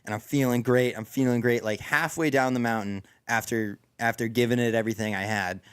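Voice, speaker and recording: A man hosting a casual podcast, telling stories with many restarts, his voice going hoarse after a sick weekend. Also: mid-range voice, fairly even intonation, brisk, no room sound. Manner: rambling storyteller with many restarts. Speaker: podcast host. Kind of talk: casual chat.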